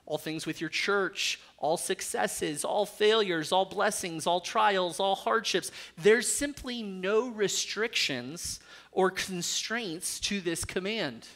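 A man's voice: sits high, a bit bright. A male pastor preaching a sermon, earnest, with dry jokes slipped in.

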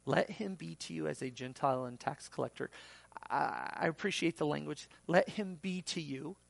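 A man's voice: a little high, normal speed, gravelly, no room sound. A man preaching a sermon as pastor, acting out quoted voices and rising sharply for emphasis.

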